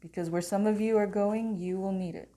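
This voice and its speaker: A woman giving a channeled oracle card reading straight to her viewers, in an earnest, softly conversational way. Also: medium pitch, fairly even intonation, brisk, very noisy. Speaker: spiritual card reader.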